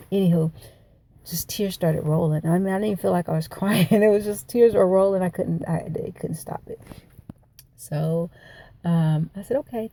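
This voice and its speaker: A woman's voice: medium pitch, dark tone. A middle-aged woman recording a personal video journal, telling her story in a rambling, emotional way. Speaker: video diarist.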